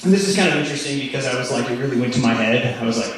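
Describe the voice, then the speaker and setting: A man's voice: medium pitch, very fast, recorded from a distance. A man doing a stand-up comedy routine, telling rambling stories full of "like" and "you know". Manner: rambling storytelling, lots of "like". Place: comedy club stage. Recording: echoey room, mic heard from afar.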